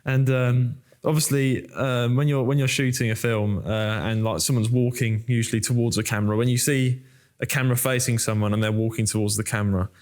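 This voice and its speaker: Chatty young storyteller. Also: male voice, medium pitch, brisk. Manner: animated storyteller, many fillers. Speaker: actor and host. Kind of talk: casual interview chat.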